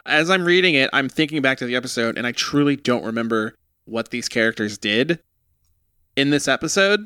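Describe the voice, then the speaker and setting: A man's voice: medium pitch, expressive, a little fast, sharp tone, clear, resonant tone, no room sound, studio quality. A man hosting a casual podcast, asking quiz questions and rambling through eager asides.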